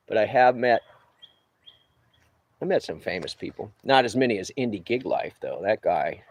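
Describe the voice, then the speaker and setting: A man's voice: deep voice, darkish tone, slight background noise. A man in his fifties from New Orleans, chatting casually on a livestream while taking a break outdoors on a roof, rambling and easygoing with chuckling asides. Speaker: livestreamer and roofer.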